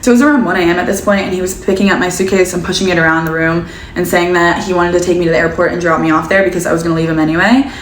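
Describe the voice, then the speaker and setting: Young woman, story-time vlog, casual, lowish voice, echoey room. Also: steady tone, rapid-fire, hardly any pauses. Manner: casual, chatty, many "like" fillers. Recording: echoey room, faint background noise.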